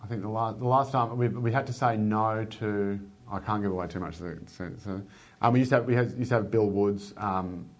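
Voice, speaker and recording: A man's voice: lowish voice, a little fast. Blunt, sardonic editor, a man. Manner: blunt, sardonic, swears freely. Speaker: newspaper opinion editor. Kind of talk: candid interview talk.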